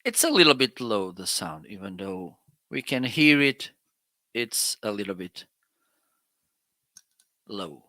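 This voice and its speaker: A man's voice: lowish voice, sing-song, takes it slowly, pauses often, bright, forceful tone, no room sound. A man hosting a casual live-stream product demo, chatting and testing microphones aloud with counts and laughs. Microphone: swapping between studio microphones.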